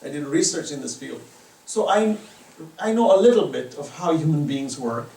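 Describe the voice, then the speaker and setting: A man's voice: a little high, animated, moderate pace, gravelly. A man giving an impassioned religious lecture at a private home, mixing storytelling with moral teaching. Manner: impassioned, storytelling, varies loudness widely. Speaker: Islamic lecturer. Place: private residence. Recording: echoey room from far off, faint noise.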